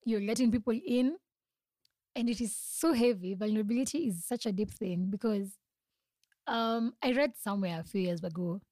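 With a medium-pitched, somewhat dark voice and a dry, echo-free sound, this young podcast host reflects on her own. Her manner is sincere and confiding, broken up by frequent laughter and restarted sentences.

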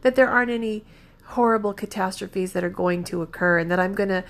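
A woman's voice: mid-range voice, brisk. A woman in her fifties telling a personal story in an earnest, emotional, rambling way, often correcting herself mid-sentence. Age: 50s. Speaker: vlogger.

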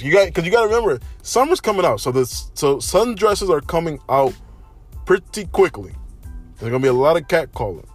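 A young man hosting a casual solo podcast, telling stories in an animated way and often saying "you know what I'm saying". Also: a little high, fairly quick, faint music behind. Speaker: podcast host.

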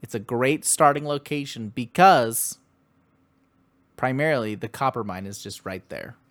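A man's voice: medium pitch, lively intonation, measured pace, fairly bright tone. A young adult man co-hosting a podcast in casual gaming chat, jokey and a little boastful, laughing as he talks. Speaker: podcast co-host.

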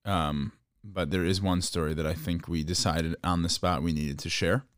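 A man co-hosting a casual chat podcast, an animated storyteller who restarts often and bickers playfully with his co-host. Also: sits low, moderate pace, no room sound.

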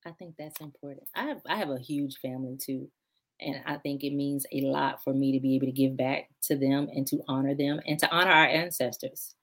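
A woman hosting a live-streamed interview, encouraging her guest and reading viewer comments aloud, laughing often. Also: a little fast. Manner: laughs often, jumps high when excited. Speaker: host.

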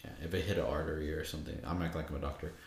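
A man's voice: a bass voice, fairly even intonation, very fast, roomy sound. A man in casual chat, rambling as he retells film scenes. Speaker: co-host discussing a film.

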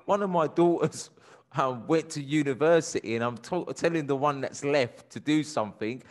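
A man's voice: a little high, moderate pace. A man hosting a parenting panel, chatting and telling exasperated stories about his daughters. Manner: chatty, exasperated anecdotes, lots of restarts. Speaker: host. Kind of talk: casual panel chat.

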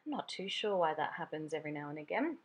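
A woman's voice: low-pitched, big pitch swings, fast, slightly rough. A young woman with an Australian accent, hosting a casual podcast monologue and chatting through a story while calling her listeners guys. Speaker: podcast host.

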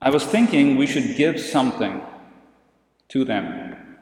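A man's voice: medium pitch, expressive, a little slow, a little mellow, reverberant, long reverb tail, close to an everyday voice, poor audio. A man voicing a chatty chicken who keeps proposing ideas, told as a story in a sermon. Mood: friendly. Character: friendly scheming chicken with ideas.

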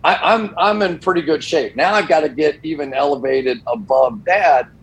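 A middle-aged man, a football broadcaster, telling stories casually on a sports talk show and jumping up in pitch when he quotes people. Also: normal speed, slight background noise, rough recording. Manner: animated, voice jumps when quoting people. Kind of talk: casual storytelling.

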